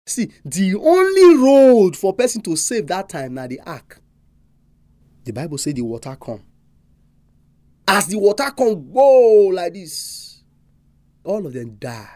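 Animated preacher with a Nigerian accent. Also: medium pitch, measured pace, no room sound, clean studio sound. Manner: animated, emphatic rhetorical questions. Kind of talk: sermon.

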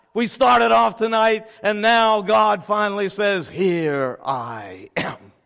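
A man preaching a dramatic sermon, swinging between shouted declarations and hushed, pleading questions. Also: high voice, vocal fry. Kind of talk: evangelistic sermon. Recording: long hall reverb.

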